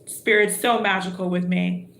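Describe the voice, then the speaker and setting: A woman's voice: on the low side, fairly even intonation, moderate pace, creaky, fairly bright tone, roomy sound. A woman giving a live tarot reading, chatty and exclamatory, thinking aloud as she draws cards. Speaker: tarot reader.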